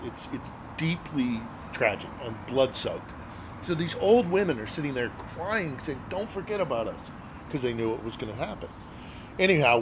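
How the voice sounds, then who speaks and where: A man's voice: medium pitch, background noise. A middle-aged man, a journalist guest, telling a story casually and earnestly, with many fillers and hesitations.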